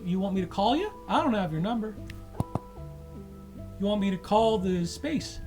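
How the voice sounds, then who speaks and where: A squeaky, excitable alien clerk, put on by a woman running a tabletop game, babbling and flustered. Pitch leaps high and loud, swinging all over, with faint music playing underneath. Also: normal speed, close to an everyday voice. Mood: flustered chatty. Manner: chatty, flustered, laughing. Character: jittery high-voiced alien desk clerk.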